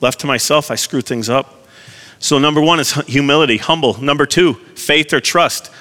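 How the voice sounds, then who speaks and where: An earnest male pastor preaches with a bright, forceful voice. His words ring out into a long, reverberant church hall. He keeps turning to his listeners with direct questions. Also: mid-range voice. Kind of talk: sermon.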